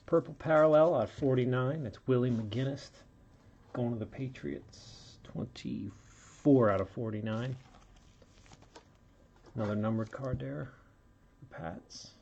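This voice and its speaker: A man hosting a card break chats casually, giving running play-by-play as he calls out each card he pulls, with chatty asides, and he sounds a little under the weather. His medium-pitched voice is a little slow, creaky, and a bit mellow with a breathy edge and long pauses. The highs are cut off in the recording.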